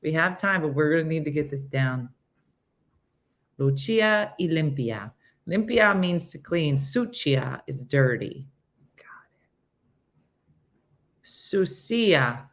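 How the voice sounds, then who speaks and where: Middle-aged woman host, deep-ish and unhurried, playful and giggly, casual live-stream chat. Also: animated. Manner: playful, laughing, stumbling over foreign words. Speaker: host of a morning show.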